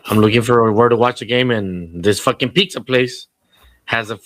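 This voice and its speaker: A man's voice: medium pitch, normal speed, fairly bright tone, no room sound. A man co-hosting a podcast in casual chat, telling rambling, profane stories and slipping into Spanish. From Southern California. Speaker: podcast co-host.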